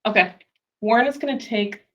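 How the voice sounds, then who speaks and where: A woman's voice: fairly high pitch, a little fast, muffled recording. A woman playing in a tabletop game, chatty and self-deprecating, laughing often. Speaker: player. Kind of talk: casual tabletop game play.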